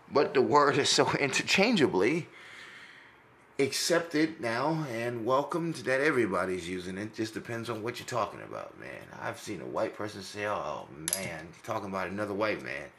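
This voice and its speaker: A man's voice: fairly low pitch, bright, forceful tone, echoey room, a little hiss or hum. Brash, rambling New York man. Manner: brash, rambling and profane, with frequent laughs. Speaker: podcast host. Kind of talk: casual podcast monologue.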